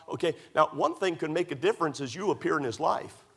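A man's voice: on the high side, expressive, fast talker, fairly bright tone, slightly rough. A man from Maryland preaching in church, telling folksy stories and asking rhetorical questions with emphasis. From United States (Maryland). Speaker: pastor. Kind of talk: sermon.

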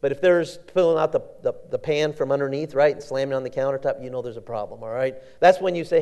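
A man's voice: fairly high pitch, fairly quick. A man preaching a sermon in a folksy, conversational storytelling way, often repeating words and restarting.

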